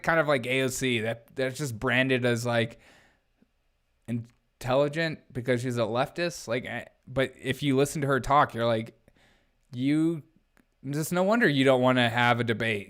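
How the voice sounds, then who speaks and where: A man's voice: medium pitch, fairly bright tone. Guy doing a chill political stream, joking around, sarcastic, laughing at chat. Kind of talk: casual live-stream commentary.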